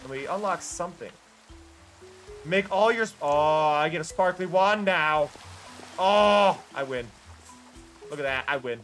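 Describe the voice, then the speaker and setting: A man chatting playfully and excitably with viewers during a live gaming stream. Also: fairly high pitch, a little slow, pauses often, faint music behind. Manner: playful, excitable, talks to chat.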